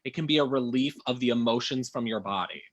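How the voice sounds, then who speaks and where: A man's voice: medium pitch, fast talker, highs cut off. A man who counsels clients, a guest on a casual podcast chat, explaining his ideas in a reflective, thinking-aloud way.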